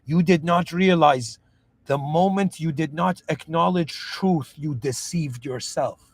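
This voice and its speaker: Casting: earnest man, slightly high voice, reflective monologue, frequent restarts, dry mic. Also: a little slow, slightly rough, no echo. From moved to Canada at seven. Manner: earnest, restarts often, asks "do you understand?". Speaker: podcast host.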